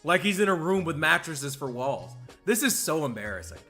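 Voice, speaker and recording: An adult streamer giving loud, disbelieving reaction commentary, laughing and swearing while watching a clip. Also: medium pitch, big pitch swings, normal speed, faint music behind.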